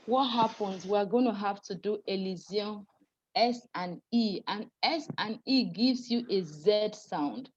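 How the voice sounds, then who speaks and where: Woman teaching a class, slow careful explaining, calls on students, kinda muffled recording. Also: medium pitch, darkish tone. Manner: explains patiently, spells out letters and sounds; calls on students to read aloud. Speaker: French teacher. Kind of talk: live class lesson. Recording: dull lo-fi recording with faint noise.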